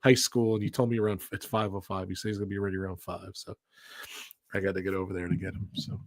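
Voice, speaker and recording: A man's voice: low-pitched, flat delivery, fast talker, no room sound. Chatty guy cohosting a stream, laughs a lot, dry close sound. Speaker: podcast co-host. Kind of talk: casual livestream chat.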